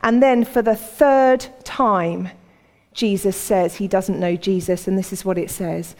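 A woman preaching in a chatty, storytelling manner acts out the voices in her stories, speaking unhurriedly. Her mid-range voice has a darkish tone and fairly even intonation, set in long hall reverb.

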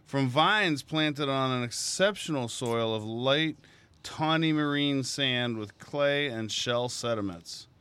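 Smooth-voiced man reading a label. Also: medium pitch, takes it slowly, bright, forceful tone. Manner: playful, self-deprecating about pronunciation. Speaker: podcast co-host. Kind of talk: casual chat reading a bottle label.

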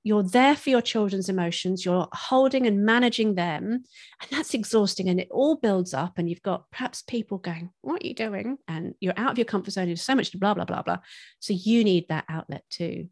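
A woman guest who teaches parenting, talking in an expressive, chatty way and laughing often. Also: medium pitch, normal speed, dry recording, studio quality. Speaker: parenting instructor, podcast guest. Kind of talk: casual conversational interview.

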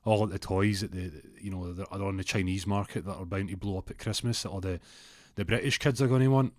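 A man's voice: low-pitched, a little fast, dry recording, studio quality. A man with a Scottish accent telling a rambling comic story, acting out the characters. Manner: rambling, animated, acts out characters.

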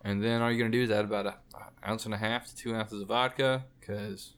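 A man's voice: on the low side, steady tone, fast, a bit bright, smooth. A man in a casual podcast chat, explaining things in a rambling way full of fillers. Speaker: podcast guest explaining a cocktail.

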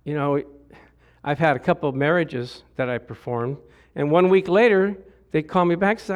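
A middle-aged male pastor preaching a lively sermon, acting out quotes in different voices and laughing along the way. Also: on the high side, normal speed.

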